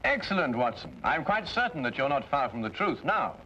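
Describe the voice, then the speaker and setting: An actor playing a sharp, composed Victorian detective in a 1950s TV drama, with a British accent and brisk, methodical questioning. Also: male voice, mid-range voice, very animated, dull audio. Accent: British English. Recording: old TV soundtrack with faint hiss.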